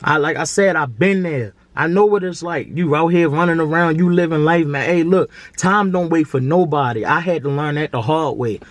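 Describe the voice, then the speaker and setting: A man's voice: on the high side, normal speed, few pauses, no echo. A man, talking earnestly to camera in a slangy, repetitive way. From Baltimore. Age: 20s. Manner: earnest, preachy, slangy, repeats himself. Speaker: vlogger. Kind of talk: casual heartfelt monologue to camera.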